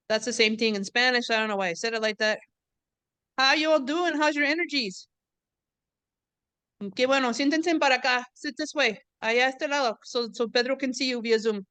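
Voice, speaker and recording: Woman host from the border, chatty and teasing, crisp bright voice, dry close sound. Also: a little high, a little fast, no room sound. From US-Mexico border region. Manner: chatty, joking, mixes in Spanish. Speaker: event host and professor. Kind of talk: casual chat hosting a book event. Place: classroom or event room.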